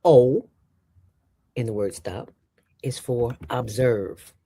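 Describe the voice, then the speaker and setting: A middle-aged woman, a former radio host and founder, talking as an interview guest in an animated, emphatic and playful way. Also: a bass voice, a little hiss or hum. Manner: fast talker from years on radio. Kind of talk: casual interview chat.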